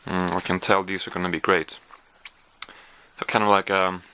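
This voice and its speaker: A man's voice: deep voice, little pitch movement, normal speed, bright, forceful tone, a little hiss or hum. A man chatting casually through a taste-test vlog, hesitant with lots of fillers, sometimes talking while chewing. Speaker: vlogger.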